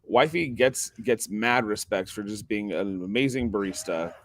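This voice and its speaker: A man's voice: on the low side, normal speed, no echo. A tired man hosting a casual sports livestream, rambling with lots of fillers and restarts. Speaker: sports show host.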